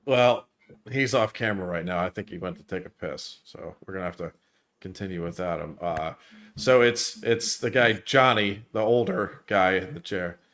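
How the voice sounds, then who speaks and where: A man's voice: sits low, normal speed, a bit bright. A man reviewing a movie with friends in casual chat, eagerly retelling the scene and laughing often.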